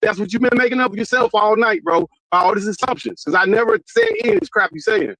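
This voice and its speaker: A very high-pitched man fires off rapid, combative rebuttals in a heated live-stream debate, cursing and calling the other guy "bro" over and over. The sound is dry and close, with no room around it. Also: sing-song, bright, forceful tone, no echo, poor audio. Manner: combative, profane, repeatedly says "bro". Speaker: debate panelist.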